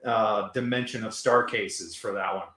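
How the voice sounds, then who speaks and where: A man co-hosting a casual livestream, making quick laid-back banter and joking asides. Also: lowish voice, fairly even intonation, pushed and bright, a little hiss or hum. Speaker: livestream co-host. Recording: roomy echo.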